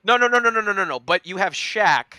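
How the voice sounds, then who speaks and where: Bright, lively joking man. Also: high voice, dry recording. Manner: joking, teasing, quick to laugh. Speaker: podcast co-host. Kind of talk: casual sports chat.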